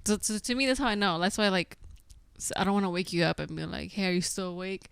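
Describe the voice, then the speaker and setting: A woman's voice: mid-range voice, expressive, fast talker, creaky, fairly bright tone, smooth, no echo. A young woman co-hosting a podcast, chatting casually, teasing her partner and laughing often. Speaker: podcast co-host. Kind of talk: casual chat.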